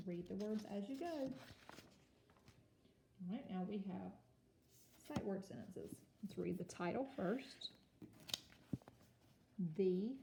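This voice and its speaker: A woman teaching a kindergarten home-learning lesson, speaking slowly and carefully and sounding out words for young children. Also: medium pitch, creaky, dark tone. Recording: echoey room with faint noise.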